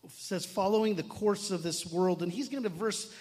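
Male pastor, middle-aged, sermon, chatty asides, slightly high voice, long hall reverb. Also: moderate pace, darkish tone. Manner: conversational preaching with frequent asides and restarts.

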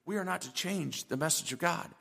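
A man's voice: on the high side, a little fast, creaky, bright, forceful tone, slightly rough, big-room sound. A male pastor preaching a sermon in a church, emphatic and full of rhetorical questions.

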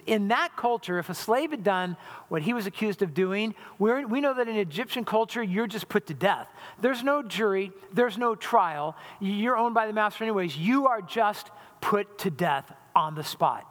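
High-voiced pastor preaching in a reverberant hall. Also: male voice, fairly bright tone. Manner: conversational, often asks "right?". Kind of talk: sermon.

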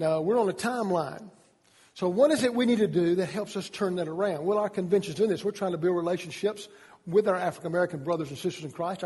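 A man's voice: high voice, a little mellow, slightly rough, in a large hall. A middle-aged man from Georgia with a Southern accent, preaching an earnest sermon as pastor, restarting his words often. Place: church sanctuary.

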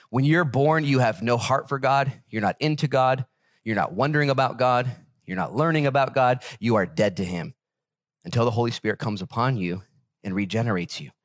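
Animated, conversational male pastor. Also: fairly low pitch, no room sound, clean studio sound. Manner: animated and conversational, joking with the congregation. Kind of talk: sermon.

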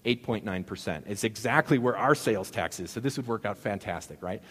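Lower-voiced pastor in a reverberant hall. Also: male voice, lively intonation, a little fast, a bit bright, breathy edge. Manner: conversational, jokey preaching with rhetorical questions. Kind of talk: sermon. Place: church sanctuary.

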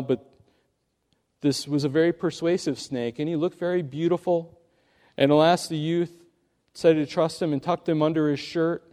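A pastor with a slightly high, mellow voice preaches an earnest sermon. He tells a story and presses his points with rising emphasis.

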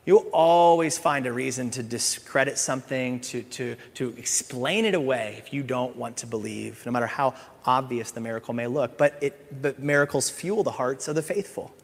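A middle-aged male pastor preaching a sermon, animated, swinging from loud emphasis to hushed asides and playful acted voices. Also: medium pitch, normal speed, vocal fry, hardly any pauses. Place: church sanctuary. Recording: church hall with long reverb.

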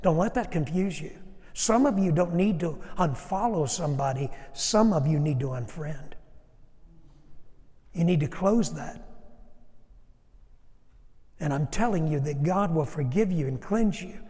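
A man's voice: a little high, animated, a little slow, long pauses, warm tone, in a large hall. A man who is a pastor, preaching a sermon and leading an altar call, speaking earnestly and addressing his congregation directly. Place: church sanctuary.

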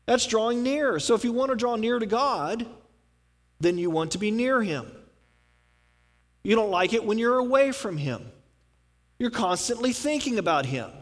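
A man with a notably high voice gives a casual, folksy sermon in a church sanctuary. He leans on rhetorical questions and repeated punchlines. His words ring out in a hall with a long reverb. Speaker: pastor. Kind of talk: conversational sermon.

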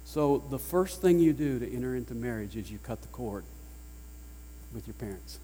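A man with a Southern US accent preaching a sermon as pastor, emphatic, swinging between loud declarations and hushed lines. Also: medium pitch, expressive, normal speed, slight background noise. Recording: long reverb of a large hall.

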